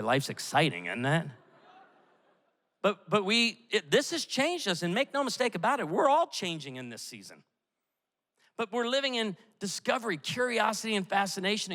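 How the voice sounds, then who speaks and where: A middle-aged male pastor preaching a sermon, telling stories in an animated way with quick asides. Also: a little high. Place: church auditorium. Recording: echoey hall with long reverb.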